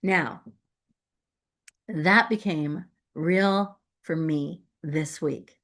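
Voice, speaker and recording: A woman's voice: deep voice, very slow, a bit bright. A woman giving a playful, emphatic inspirational sermon as a guest speaker, laughing often. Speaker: guest speaker at a spiritual center.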